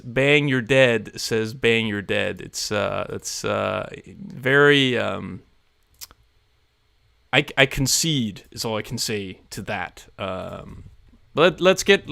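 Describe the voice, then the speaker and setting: A man's voice: mid-range voice, vocal fry, a bit bright, smooth, no echo, clean studio sound. A man hosting a live stream, chatting casually and rambling with self-deprecating humor to his viewers. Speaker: livestream host.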